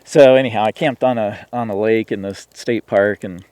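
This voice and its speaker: Rambling low-voiced man telling stories. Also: steady tone, moderate pace, a little mellow, clear, resonant tone, dry recording. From Washington State, US. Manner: rambling, lots of "you know" and restarts. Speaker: podcast guest, turkey hunter. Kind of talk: casual storytelling conversation.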